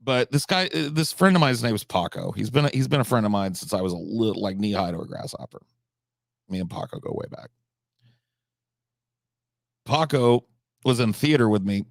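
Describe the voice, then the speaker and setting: A man hosting a live stream, telling rambling, absurd comic stories with deadpan delivery and profane asides. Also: fairly low pitch, a little fast, gravelly, long pauses, dry recording, clean studio sound. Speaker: livestream host.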